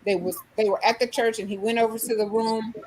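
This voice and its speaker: A woman's voice: a little high, flat delivery, quick pace, darkish tone, husky, low-quality recording. A woman in a discussion who retells a story earnestly, often saying "like". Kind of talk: casual discussion.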